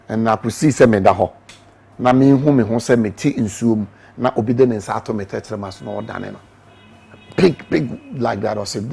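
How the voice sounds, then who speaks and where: A man's voice: mid-range voice, gravelly, mellow, husky. A middle-aged man with a Ghanaian accent giving an emotional testimony in an interview, mixing English and Twi as he tells his story. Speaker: interview guest, evangelist.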